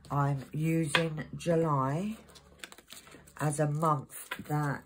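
A woman's voice: low-pitched, fairly even intonation, extremely slow, background noise. A woman hosting a crafting channel, chatting in a rambling way and reading out codes as she works. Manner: rambling, chatty, reads out codes while working. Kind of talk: casual crafting chat. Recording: loud crinkling of packets behind.

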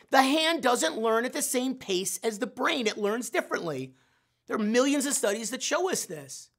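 Bright-voiced, animated male sales trainer. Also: high voice. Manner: animated, acts out his own inner voice, self-deprecating humor. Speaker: sales trainer and show host. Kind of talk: motivational training talk.

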